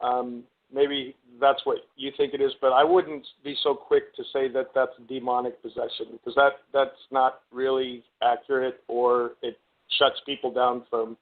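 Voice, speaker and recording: Male caller, mid-pitched, hesitant and earnest, phone-line audio. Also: flat delivery, moderate pace. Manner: earnest, hesitant, full of restarts. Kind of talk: casual call-in radio chat.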